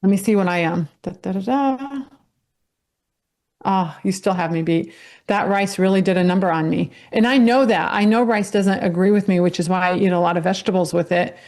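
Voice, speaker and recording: A woman's voice: fairly low pitch, fairly even intonation, brisk, a little mellow. A woman doctor appearing as a guest, patiently explaining health matters in casual chat.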